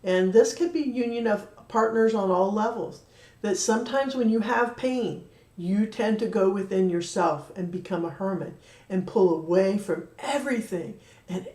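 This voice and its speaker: A woman giving a spiritual card reading, talking in an earnest, gently encouraging way. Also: mid-range voice. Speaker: card reader. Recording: roomy echo, voice from a distance.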